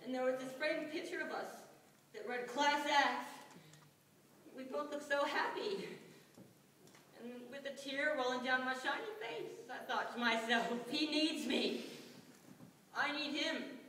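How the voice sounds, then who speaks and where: A vain, sassy ventriloquist's puppet pours out its woes, played by a teenage girl on stage. The voice is high and bright, with sarcastic, melodramatic storytelling. It rings through a long-reverb school hall, picked up from far off. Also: a little hiss or hum. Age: teens. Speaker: student performer. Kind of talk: stage monologue performance. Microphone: distant room mic.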